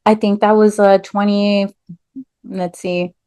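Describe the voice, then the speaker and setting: A woman tells her own story as a podcast guest, animated, with lots of "like" and "um" fillers. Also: mid-range voice, slow pace, clean tone, no room sound. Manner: animated storyteller, acts out quoted voices, many "like" and "um" fillers. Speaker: podcast guest, nurse and business owner. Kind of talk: casual storytelling interview.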